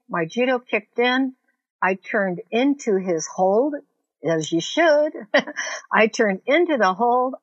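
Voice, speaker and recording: A woman's voice: medium pitch, fairly bright tone, no echo, lo-fi sound. A woman recounting a frightening personal experience in an earnest, vivid way, with frequent fillers. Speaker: interviewee recounting an assault. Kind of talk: personal storytelling.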